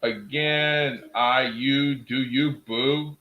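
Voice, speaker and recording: A man's voice: mid-range voice, fairly even intonation, extremely slow, dull audio. A man casually chatting with viewers on a livestream, joking around and laughing often. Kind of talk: casual live chat.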